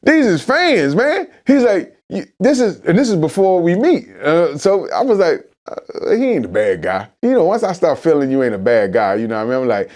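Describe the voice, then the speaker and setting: Philly rapper guy telling a wild story, high voice, swings all over, lots of restarts. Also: fairly quick. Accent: Philadelphia. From Philadelphia. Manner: animated, acts out quotes in shifting voices, many restarts. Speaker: rapper guest. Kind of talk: animated storytelling interview.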